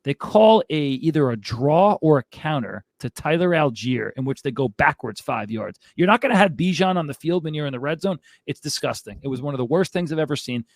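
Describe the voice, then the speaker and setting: Heated male sports host, ranting to a co-host, slightly high-pitched, dry and close. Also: animated, brisk, hardly any pauses, no echo. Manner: fired-up, exasperated ranting with frequent asides. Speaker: fantasy football show host.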